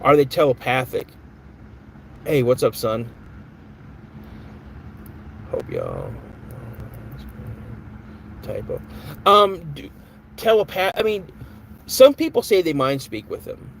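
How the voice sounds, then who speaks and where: A man's voice: fairly high pitch, wildly swooping pitch, takes it slowly, vocal fry, pauses often, a little hiss or hum, poor audio. Rambling man hosting a live stream. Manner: rambling, reads chat aloud, flares up angrily at a troll. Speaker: podcast host. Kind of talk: casual live-stream chat.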